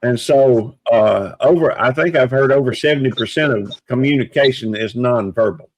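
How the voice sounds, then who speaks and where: A man talking in a casual live chat, measured and reflective, with many pauses and restarts. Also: medium pitch, no room sound, rough recording.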